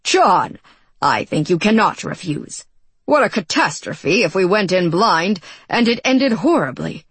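A woman's voice: fairly low pitch, big pitch swings, measured pace, fairly bright tone, husky, no echo, full character voice. A woman voicing a curious, demanding young king who asks probing questions. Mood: eager.

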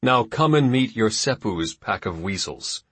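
A man puts on a grieving old father who is stern and tight-lipped. He speaks slowly and in clipped words through his teeth. The voice stays low and husky, in a dry storybook reading. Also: animated, fairly bright tone, no echo, exaggerated voice. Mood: curt.

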